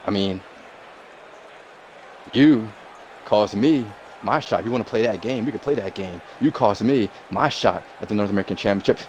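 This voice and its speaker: A man's voice: lowish voice, slight background noise, natural voice, poor audio. A man voicing a bitter, menacing male wrestler rival in a fan wrestling promo, drawling and repeating "I mean". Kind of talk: wrestling promo role-play.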